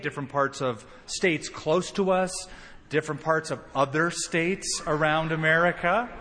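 Retelling a story in his sermon, a pastor gives voice to each quoted line with expressive flair. He sounds slightly high-pitched, and the audio carries long hall reverb plus a little hiss or hum.

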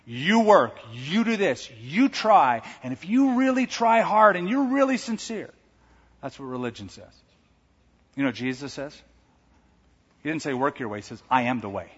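A man preaching a sermon as pastor, emphatic, swinging from quiet to loud, with joking asides. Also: on the high side, expressive, normal speed, husky. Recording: dull sound in a large reverberant hall.

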